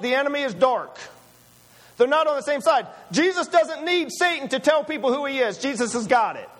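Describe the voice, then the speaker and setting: A man's voice: very high-pitched, a bit bright. A man preaching a sermon, emphatic and full of rhetorical questions to his listeners.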